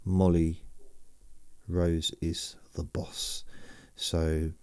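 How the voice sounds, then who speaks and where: A man hosts a sleep podcast in a deep voice, drifting from thought to thought and teasing himself. His tone is soft and mellow, and the sound is dry and close. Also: little pitch movement, very slow, clean tone, no room sound. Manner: meandering, self-mocking, reads listener messages aloud. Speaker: podcast host. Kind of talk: rambling sleep podcast chat.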